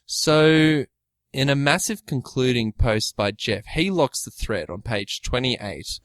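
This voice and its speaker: A man's voice: mid-range voice, takes it slowly, no room sound. A man co-hosting a casual podcast chat, joking and rambling with frequent giggles. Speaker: podcast co-host.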